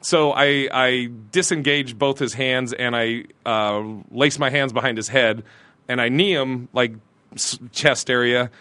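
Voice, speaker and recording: A man, a comedian guest, telling an animated story, laughing through it and acting out the people in it. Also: mid-range voice, dry recording. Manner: laughs through his story, acts out quotes.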